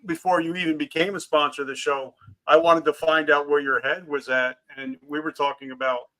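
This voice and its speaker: A man's voice: a little high, fairly even intonation, a little fast, bright, forceful tone. A man hosting a podcast who asks his guest questions in an encouraging, conversational way. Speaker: podcast host. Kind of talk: interview questions.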